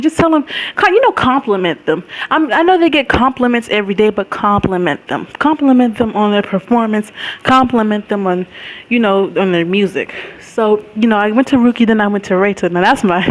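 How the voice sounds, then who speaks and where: A young woman vlogger tells a story in a chatty, rambling way, full of fillers and frequent laughter. Her voice is a little high, and the recording quality is low.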